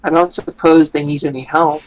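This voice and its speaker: Man, tabletop player, slow and hesitant, slightly high voice, dull lo-fi sound. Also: flat delivery, a crowd in the background. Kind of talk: casual tabletop play.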